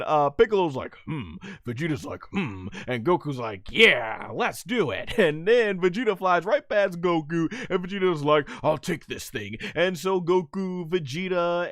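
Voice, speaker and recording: Young male reviewer, a little high-voiced, eager and giggly play-by-play, dry close-miked sound. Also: clean tone, no echo. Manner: excitable, laughs often, blow-by-blow retelling. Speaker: anime episode reviewer. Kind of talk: casual recap commentary.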